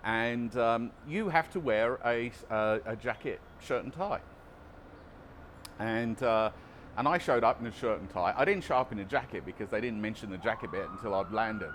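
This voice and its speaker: A man's voice: fairly low pitch, moderate pace, a bit bright, a little hiss or hum. A man vlogging casually outdoors about recovery, chatty and self-deprecating, often restarting his sentences. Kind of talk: casual vlog monologue.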